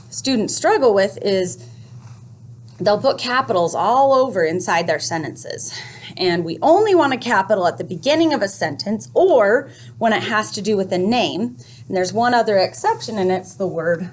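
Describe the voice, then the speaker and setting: A woman explaining a first grade reading lesson to parents, speaking clearly and patiently, step by step. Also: mid-range voice, slight background noise.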